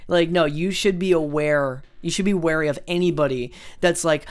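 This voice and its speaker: Picture a young adult talking straight to camera in a loose storytime rant. The voice sits at an ordinary middle pitch, and the talk runs on with "like" and "um," swear words and scornful little asides. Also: fairly even intonation, normal speed, clean tone. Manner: rambling, filler-heavy, profane, with scornful asides. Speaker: vlogger.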